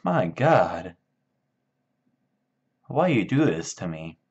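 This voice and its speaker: A man voicing an indignant, hurt stable hand who speaks slowly and emphatically. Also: low-pitched, big pitch swings, a little mellow, breathy edge, heavily acted. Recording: dull lo-fi sound.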